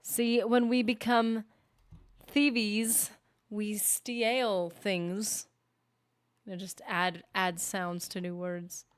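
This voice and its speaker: A woman's voice: mid-range voice, flat delivery, drawn-out words, clean tone, no echo. Woman streamer joking around with chat, playful and teasing, dry close sound. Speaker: game streamer. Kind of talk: casual live-stream chat.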